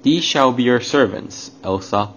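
A man reading a storybook, voicing a kind, mysterious gray-cloaked old man in a soft, gentle manner. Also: medium pitch, lively intonation, a little slow. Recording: dull lo-fi, faint hiss.

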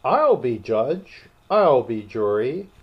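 A man's voice: mid-range voice, big pitch swings, takes it slowly, breathy edge, heavily acted. Fury, a man playing a cunning old dog. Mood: menacing. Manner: bossy, menacing. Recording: dull lo-fi recording.

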